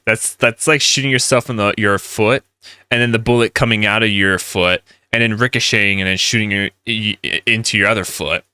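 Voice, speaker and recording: A man's voice: on the low side, fairly even intonation, a little fast, sharp tone, clean tone, no echo, studio quality. A man ranting in rambling gaming commentary, heated and full of restarts.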